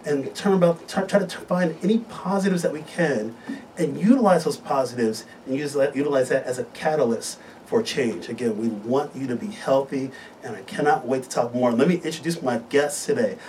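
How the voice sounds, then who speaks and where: Enthusiastic male health-show host, mid-pitched, a little distant from the mic with faint hiss. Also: a little fast, a little mellow. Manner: upbeat, enthusiastic, promotional. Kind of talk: live studio talk show. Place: radio studio.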